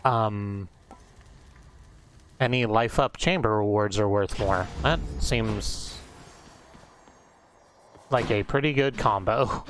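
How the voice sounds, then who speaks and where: A man's voice: lowish voice, slow pace, pauses often, background noise. Chatty man streaming a game. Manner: chatty, thinking aloud, wry. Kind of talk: casual gameplay commentary. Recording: game music behind.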